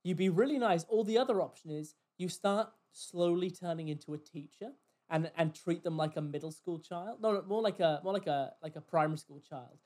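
A man's voice: sits high, brisk. A man on a podcast telling a story about a rude customer in casual chat, swearing and acting out what people said. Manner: animated, swears, mimics customers in quoted voices. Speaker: podcast host. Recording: poor quality audio.

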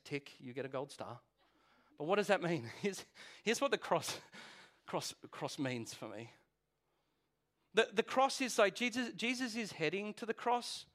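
Male pastor, animated sermon, conversational asides, fairly high voice. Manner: animated, conversational preaching with quick restarts and asides.

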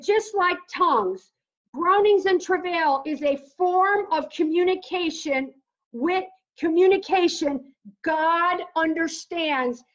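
A woman preaching on prayer, reading scripture aloud and commenting on it fervently. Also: high-pitched. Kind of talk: teaching on prayer. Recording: dull lo-fi recording.

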